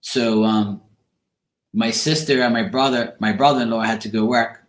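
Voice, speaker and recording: A man's voice: mid-range voice, steady tone, moderate pace. A man chatting casually to camera, rambling and blunt, with casual swearing. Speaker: tarot reader. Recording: echoey room.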